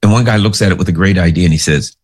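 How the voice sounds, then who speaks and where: A man's voice: low voice, racing. A man giving casual political commentary, rambling through sarcastic anecdotes.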